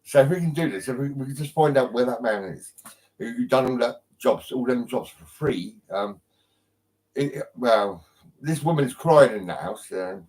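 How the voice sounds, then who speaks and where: A man's voice: mid-range voice, animated, moderate pace, a little mellow, poor audio. A man from England on a live stream from his home, talking in a rambling way with lots of ums and restarts and heavy swearing. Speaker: livestreamer. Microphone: phone.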